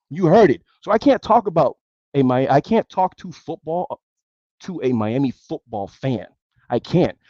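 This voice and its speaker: A sports radio host rants angrily and emphatically, repeating himself a lot in a heated sports talk segment. His voice is on the high side and mellow, with lo-fi sound and no room sound.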